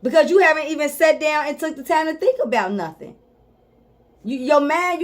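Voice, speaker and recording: Woman life coach with a high voice, talks right at you, hammers the same point over and over. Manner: emphatic and repetitive, drives points home; speaks directly to viewers, informal. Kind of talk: motivational talk to camera.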